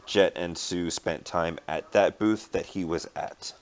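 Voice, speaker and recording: A man running a tabletop game as game master, explaining rules and narrating scenes in a relaxed, rambling way. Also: deep voice, unhurried.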